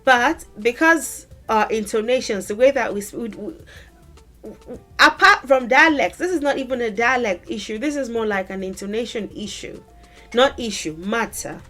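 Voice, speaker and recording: A woman language teacher explaining word meanings in a thoughtful, conversational way, pausing to rephrase and to model pronunciations. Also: fairly high pitch, expressive, bright, forceful tone, soft background music.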